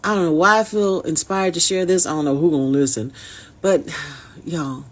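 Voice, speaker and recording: With a fairly low, steady voice at a moderate pace, this Detroit actress addresses her viewers head-on. Her story is personal and heartfelt, told as casual inspiration.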